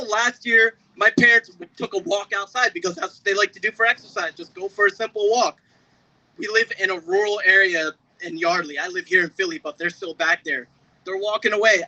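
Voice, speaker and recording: A young man giving an emotional speech at an outdoor protest, building from steady storytelling to shouting. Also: high voice, muffled recording. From Pennsylvania. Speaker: protest speaker. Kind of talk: impassioned rally speech.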